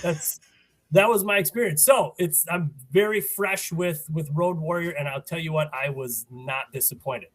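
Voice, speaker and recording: A man chatting casually as a podcast guest, telling stories in a relaxed way. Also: a little high, normal speed, few pauses. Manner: relaxed, storytelling. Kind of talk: casual chat.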